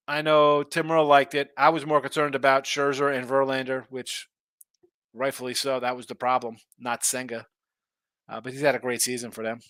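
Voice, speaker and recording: A man's voice: medium pitch, bright, forceful tone, no room sound. A man hosting a sports betting live stream, rambling and thinking aloud in casual chat. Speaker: sports betting show host.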